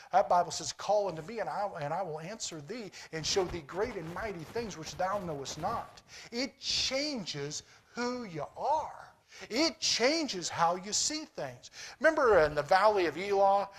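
A man preaching a sermon, swinging between shouted exhortation and quiet, chatty storytelling. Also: sits high.

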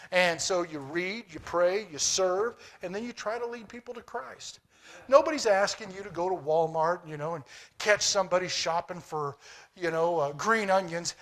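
A man preaching a sermon, swinging between shouted exhortation and quiet, chatty storytelling. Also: high voice.

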